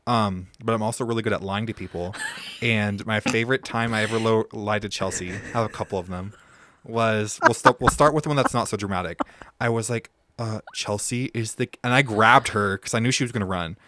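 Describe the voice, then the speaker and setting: A man's voice: lowish voice, a little fast, pushed and bright. Playful young man, laughing often. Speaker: podcast guest. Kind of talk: casual chat, storytelling.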